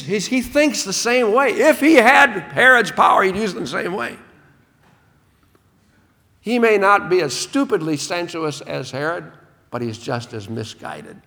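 Animated man preaching in a reverberant hall. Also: creaky. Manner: emphatic, lively pitch with slowed, stressed key words. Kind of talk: sermon on a Gospel text.

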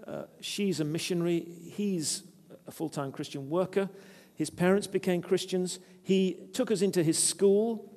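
A man's voice: sits high, measured pace, a little mellow, long reverb tail. A man preaching a sermon, earnest and conversational, telling personal stories. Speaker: preacher, former vicar.

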